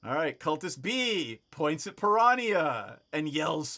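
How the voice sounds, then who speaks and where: A man guiding players through a tabletop role-playing game, his voice sitting a touch high and swinging widely in pitch. He takes his time with each line and laughs freely as he narrates. Soft music plays faintly behind him. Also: big pitch swings, slow, few pauses. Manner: easygoing, laughs often while narrating. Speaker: game master. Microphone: online voice chat microphone.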